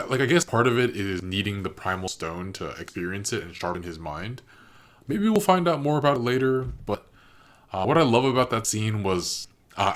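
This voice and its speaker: A man hosting a reaction video, giving casual, thoughtful commentary and analysing what he has watched. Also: lowish voice.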